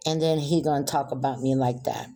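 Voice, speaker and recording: A woman telling a personal story in a soft, reflective way. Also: extremely low pitch, steady tone, brisk.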